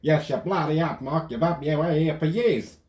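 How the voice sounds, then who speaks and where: A man putting on a deliberately bad Australian accent to voice a grumbling male model builder who complains about being hidden away. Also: a little high, darkish tone, reverberant, voice pushed up, natural voice. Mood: indignant. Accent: put-on Australian, badly done. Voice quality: rough, cursing, indignant.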